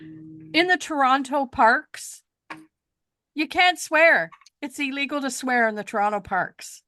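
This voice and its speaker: Bright, high-voiced joking woman. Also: slow pace, no room sound, studio quality. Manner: playful, jokey and animated, often laughing. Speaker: podcast co-host. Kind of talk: casual chat.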